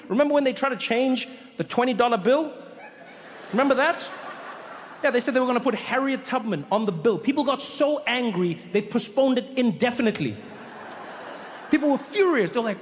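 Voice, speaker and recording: A man doing stand-up comedy, telling animated stories and acting out voices, with reverb from a large hall. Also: very high voice, fairly quick, a little hiss or hum. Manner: animated, storytelling with acted-out voices. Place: comedy stage.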